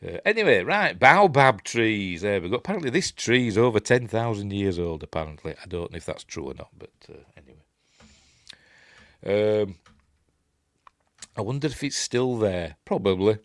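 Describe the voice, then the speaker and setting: A man's voice: on the low side, sing-song, moderate pace, a bit bright, dry recording, studio quality. A Yorkshire man in his fifties giving a rambling, chatty running commentary as he reviews a film, with frequent asides and self-corrections.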